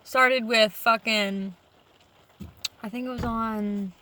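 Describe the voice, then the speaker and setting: A young adult woman vlogging casually to camera, rambling through a story with heavy profanity and animated retelling. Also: fairly high pitch, slow pace, background noise.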